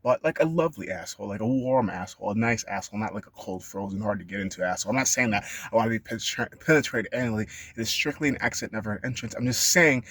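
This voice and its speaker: A man talking in a rambling, profane monologue that sometimes bursts into high-pitched shouting. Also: quick pace, few pauses, no room sound. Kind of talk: casual monologue rant.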